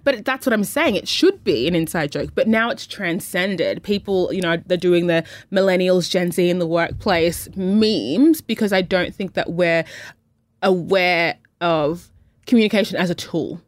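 A woman's voice: on the low side, unhurried, no echo. A woman co-hosting a podcast in casual chat. She thinks aloud in long, reflective runs and acts out the lines she quotes. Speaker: podcast co-host.

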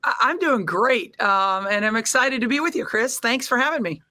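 A woman's voice: fairly high pitch, normal speed, pushed and bright, no echo. A middle-aged woman with a Midwestern American accent, a basketball coach talking openly and frankly as a podcast guest. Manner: open, chatty and frank. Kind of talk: casual interview chat.

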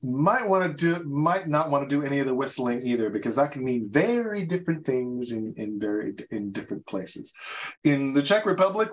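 In dull-sounding audio, an American podcast host with a mid-range voice shares travel tips in a relaxed chat. He often laughs and stumbles, repeating words and starting over.

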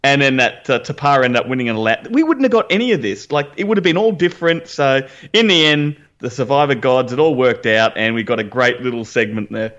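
A man's voice: medium pitch, lively intonation, a little fast, hardly any pauses, fairly bright tone, highs cut off. A man co-hosting a podcast, making wry joking asides in casual chat. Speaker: podcast co-host.

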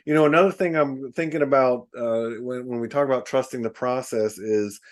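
A man's voice: medium pitch, a little fast. A man hosting a casual conversation about recovery, speaking reflectively and agreeing often.

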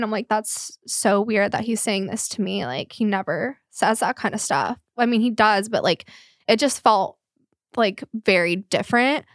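A woman's voice: medium pitch, measured pace, a bit bright, no room sound, studio quality. A young woman telling a painful personal story in a podcast talk, tearful and rambling with many fillers. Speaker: guest.

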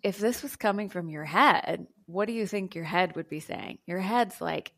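A soft-voiced woman with a slightly low pitch talks in a flowing, earnest way. She is a guest explaining spiritual practice in an interview. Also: moderate pace, few pauses. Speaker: guest, channeling teacher.

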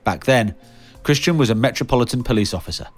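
A man hosting and narrating a podcast in a measured, scene-setting way. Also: medium pitch, lively intonation, faint music behind. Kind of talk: scripted narration.

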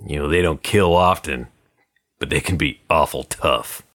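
A man doing a very deep, wary gangster. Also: moderate pace, fairly bright tone. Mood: grim. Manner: clipped, guarded tough-guy talk. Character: hard, wary male gangster on the run. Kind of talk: audiobook character voice.

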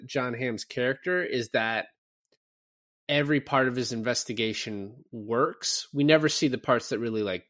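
On a film review podcast, a male co-host with a lowish voice chats casually, recorded with clean studio sound and no room noise. He's animated, throwing himself into acting out movie lines.

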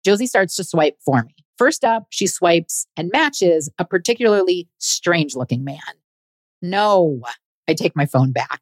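A woman hosts her podcast and narrates a personal travel story. Her low voice rises and falls with lively expression, and her delivery is wry. The close recording is dry, with no room sound. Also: a little slow, dry recording. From United States. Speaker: podcast host and comedian.

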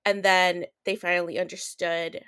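A woman with a slightly low voice chats on a book podcast. She cuts in eagerly with asides and background trivia in a relaxed, conversational way. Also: normal speed, clean tone. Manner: chatty aside, jumping in with trivia. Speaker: podcast co-host. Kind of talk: casual book discussion.

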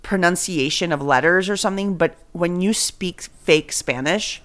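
A woman's voice: on the low side, moderate pace, a bit bright. A woman hosting a podcast, chatting casually in a giggly, rambling way with lots of fillers. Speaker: podcast host. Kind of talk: casual chat.

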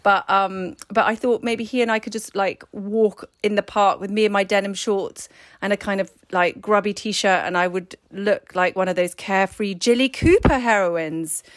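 A woman's voice: medium pitch, dry recording. Chatty woman, dry close sound. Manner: chatty, enthusiastic, quick to laugh. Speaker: podcast co-host. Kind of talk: casual chat.

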